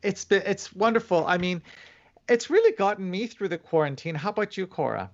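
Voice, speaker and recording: A man's voice: high voice, very animated, a little fast, muffled recording. A man co-hosting a drag livestream, chatting in a camp, playful way and slipping into mock French. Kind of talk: casual livestream chat.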